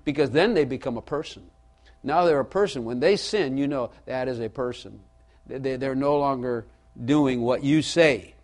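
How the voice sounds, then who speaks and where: A man's voice: medium pitch, moderate pace, a little mellow. A man preaching a sermon in a folksy way, repeating his key lines for emphasis and asking the audience questions. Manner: folksy storytelling with asides to the audience.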